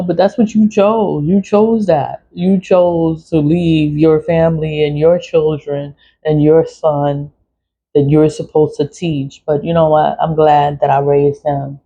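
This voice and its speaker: A woman's voice: low-pitched, warm tone. A middle-aged woman, telling a personal story in a blunt, swearing, venting way with laughs. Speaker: vlogger. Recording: dull lo-fi audio.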